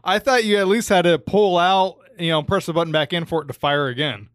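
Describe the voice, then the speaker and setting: Brief: podcast co-host, man, high voice, dry sound, playful and teasing. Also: fairly quick, fairly bright tone, no echo. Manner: playful, laughs along, teasing. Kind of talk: casual podcast chat.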